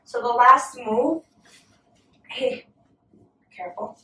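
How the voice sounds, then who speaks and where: Encouraging yoga teacher, echoey room. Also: female voice, on the high side, takes it slowly. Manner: gentle, encouraging cues. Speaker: yoga instructor. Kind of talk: guided yoga class with a toddler. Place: home room. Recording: echoey room, mic at a distance.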